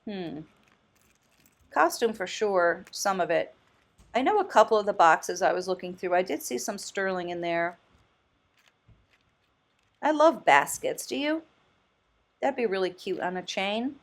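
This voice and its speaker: Woman, thrift vlogger, casual commentary, enthusiastic, thinks out loud, mid pitch. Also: lively intonation, measured pace, long pauses. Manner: chatty and enthusiastic, exclaims and laughs often; muses aloud, thinking out loud.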